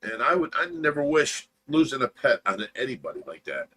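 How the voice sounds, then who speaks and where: A man's voice: mid-range voice, sing-song, brisk, pushed and bright. A middle-aged man hosting a livestream, telling stories in a casual chat and laughing through them. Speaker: livestream host.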